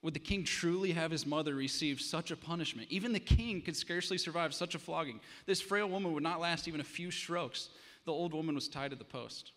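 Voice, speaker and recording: A man's voice: on the high side, brisk, few pauses, a bit bright. Male pastor preaching in a reverberant church. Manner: dramatic storytelling, then earnest preaching. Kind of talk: sermon. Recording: long hall reverb.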